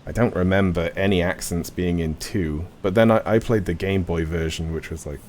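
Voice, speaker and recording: Guy streaming a game, lowish voice, rambly and trailing off, bit of hiss. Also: fairly even intonation, normal speed, a little mellow. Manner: rambling, trailing off, filler-heavy. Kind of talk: live game commentary.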